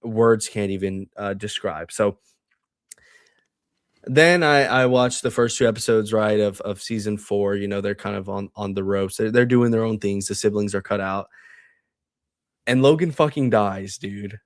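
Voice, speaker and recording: A man co-hosting a podcast, excitedly recapping a TV show in casual, profane chat. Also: on the low side, dry recording, studio quality. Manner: excited, profane, quotes characters in quick asides. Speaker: podcast co-host.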